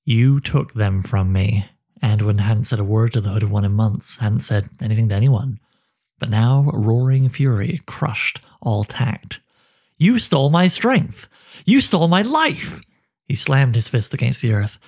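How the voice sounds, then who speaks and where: A man's voice: fairly low pitch, measured pace, breathy edge. A man playing a furious wounded warrior. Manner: raging, shouting.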